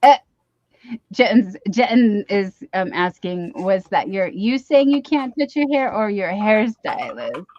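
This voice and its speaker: A woman livestreamer chats casually while unboxing gifts, gushing and excitable with many gasps and exclamations, speaking slowly but in a lively way. Her voice is medium-pitched, picked up by a webcam or desk mic, and the stream audio sounds dull and dry with no room sound.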